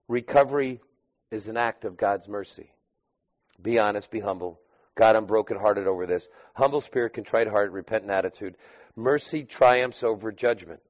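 A man preaching a sermon in a conversational way, rising to loud emphatic bursts and dropping to quiet asides. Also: fairly low pitch. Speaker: pastor.

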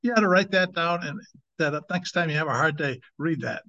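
A fairly high-voiced man preaches in a loose, conversational way, leaning hard on key words and drawing them out. The sound is dull and lo-fi, as if taped on modest gear. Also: sharp tone. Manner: emphatic, conversational, drawn-out slow stresses. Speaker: evangelist, teacher. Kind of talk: informal sermon. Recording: dull lo-fi recording.

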